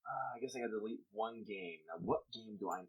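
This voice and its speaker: A man co-hosting a casual gaming chat, relaxed, laughing often and trailing off mid-thought. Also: fairly low pitch, fast, husky, dry recording, highs cut off. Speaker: podcast co-host.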